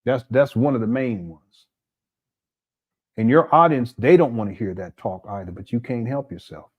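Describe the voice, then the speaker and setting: Male host, casual mocking commentary, mid-pitched, somewhat dull sound. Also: moderate pace, slightly rough. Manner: laughing, mocking asides.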